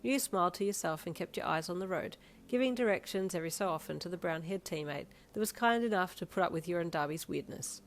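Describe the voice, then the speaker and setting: Low-pitched woman narrating a story. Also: fast, a little hiss or hum. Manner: steady second-person narration. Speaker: fanfiction narrator. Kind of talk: story read aloud to the listener. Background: soft instrumental music.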